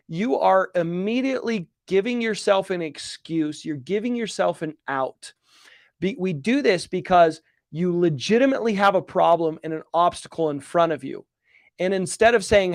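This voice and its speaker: An earnest man coaching his audience on a live stream, his voice sitting a little higher than most men's. He talks emphatically and hammers key phrases again and again. The sound is close and dry, with no room around it. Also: dry recording. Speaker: real estate coach hosting a live Q&A. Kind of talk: motivational live-stream talk.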